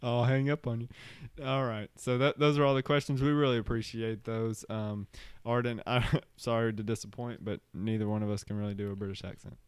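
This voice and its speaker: A man, co-hosting a casual podcast and chatting easily. His voice is smooth and resonant, with a dry, close-miked sound. He talks in a relaxed, halting way with fillers. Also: medium pitch, no room sound. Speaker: podcast co-host. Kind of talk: casual chat.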